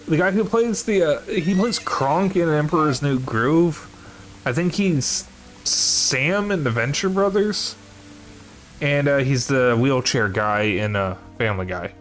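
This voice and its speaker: A man's voice: medium pitch, a bit bright. Offhand rambling male streamer. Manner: rambling, offhand, self-deprecating. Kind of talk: casual chat while streaming a game.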